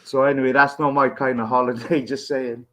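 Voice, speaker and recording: A man's voice: mid-range voice, flat delivery, brisk, bright, forceful tone, low-quality recording. English man, podcast co-host, crude pub humour, chatty joke-teller. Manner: swears freely, rambling joke-teller. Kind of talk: casual pub-style banter, telling jokes.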